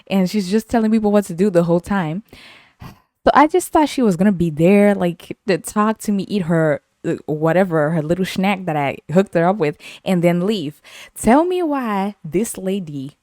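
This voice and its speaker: A woman's voice: on the low side, a little mellow, no room sound, studio quality. A woman from Zimbabwe, hosting her podcast and telling stories in a playful, repetitive way. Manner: playful, repeats phrases, laughs often. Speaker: podcast host. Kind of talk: casual storytelling.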